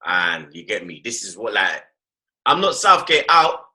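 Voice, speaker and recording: A man's voice: fairly low pitch, a little slow. A man hosting a casual football chat, full of slang and repeated tag phrases. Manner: animated slangy talk, repeats "blood" and "you get me". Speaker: host.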